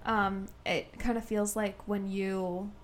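A woman's voice: mid-range voice, flat delivery, takes it slowly. A young woman with a Midwestern American accent co-hosting a podcast, hesitant and giggly in casual chat. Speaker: podcast co-host.

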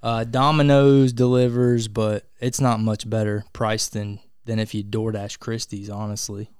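A man co-hosting a podcast, rambling, repeating himself and trailing off at the ends of thoughts. His voice is smooth and clear. The recording is close and dry. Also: fairly low pitch, level tone, measured pace, darkish tone, no echo. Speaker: podcast co-host. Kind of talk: casual chat.

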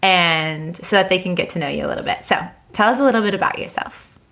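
A woman's voice: lowish voice, quick pace, fairly bright tone. A woman from California co-hosting a podcast, chatting in a bubbly, exclamatory way. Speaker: podcast co-host. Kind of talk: casual chat.

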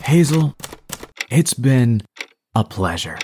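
A man's voice: medium pitch, sing-song, takes it slowly, background noise, voice pushed up. A man reading the lines of a sarcastic, cocky male publisher in an audiobook. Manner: sarcastic, mocking.

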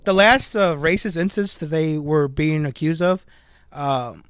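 A young man with a fairly high voice tells a story on a casual podcast. He talks in an animated way and throws in jokey asides. The sound is dry and close to the mic. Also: unhurried, smooth, no echo. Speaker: podcast co-host. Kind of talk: casual chat.

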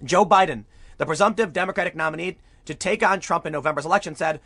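A man's voice: fairly high pitch, fast, bright, forceful tone, no echo. A man giving opinionated political commentary as he reads news aloud, emphatic and prone to repeating words when fired up.

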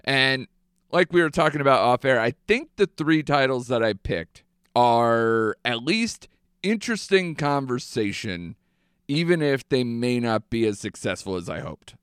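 A man's voice: mid-range voice, animated, unhurried, a bit bright, smooth, dry recording, clean studio sound. A young man hosting a movie podcast, chatting casually and animatedly with lots of fillers. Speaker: podcast host.

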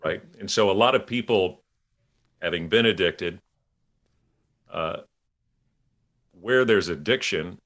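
A man's voice: deep voice, slow, pauses often, a bit bright. A man hosting a casual faith conversation, earnest and rambling, with frequent restarts and easy laughter.

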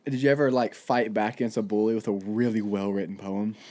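A man hosting a comedy podcast, joking around and laughing a lot, often dropping low and quiet. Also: level tone, fairly quick. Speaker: podcast host. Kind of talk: casual comedy chat.

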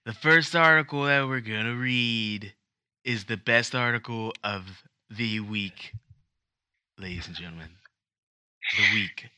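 Man doing a bragging politician impression, drawn-out and emphatic, punchy, dry. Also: on the low side, sharp tone, clear, resonant tone, dry recording. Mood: boastful. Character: brash, boastful male politician impression.

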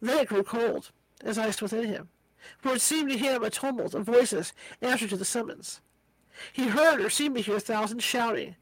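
A woman's voice: on the high side, moderate pace, no room sound, poor audio. A woman reading a book aloud as an amateur reader, tripping over hard words and slipping in casual asides. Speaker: audiobook reader.

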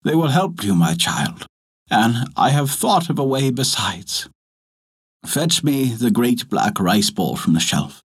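A man voicing a gentle dying mother in a told folktale, speaking tenderly. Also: mid-range voice, sing-song, slow, breathy edge, heavily acted.

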